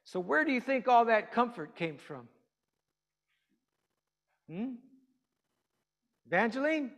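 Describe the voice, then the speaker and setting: High-voiced pastor in a reverberant hall. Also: male voice, very animated, slow pace, fairly bright tone. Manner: chatty, asks the congregation questions. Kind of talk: conversational sermon.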